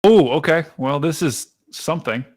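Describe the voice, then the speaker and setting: An excitable man hosts a live weather stream, talking straight to his chat as he walks through radar scans. His voice sits a little higher than most men's, and his delivery is casual and chatty. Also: normal speed. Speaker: livestream weather host. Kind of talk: live storm-tracking stream commentary.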